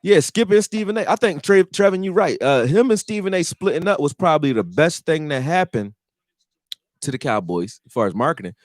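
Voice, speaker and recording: A man's voice: fairly high pitch, fairly quick, dry recording, studio quality. A man who makes football videos, speaking in a casual, profane sports rant and acting out quotes. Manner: animated, profane, acts out quotes. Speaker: fan commentator making football videos.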